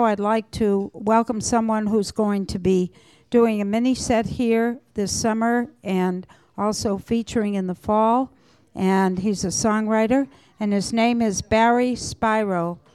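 A woman hosting an open mic, briskly introducing the next performer to a small audience. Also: on the high side, steady tone, darkish tone, clean tone, dry recording. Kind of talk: stage introduction.

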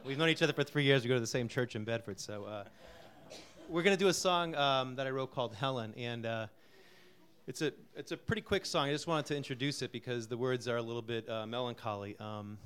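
A middle-aged man from Connecticut introduces a song he wrote, talking softly and haltingly with many fillers. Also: medium pitch, clean tone. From Connecticut, USA. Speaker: singer-songwriter introducing a song. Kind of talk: casual spoken intro before a live song.

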